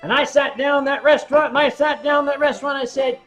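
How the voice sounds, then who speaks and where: A man's voice: very high voice, fast talker, hardly any pauses, fairly bright tone, lo-fi sound. American man, livestream host, rambling storyteller, self-mocking, faint music behind. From United States.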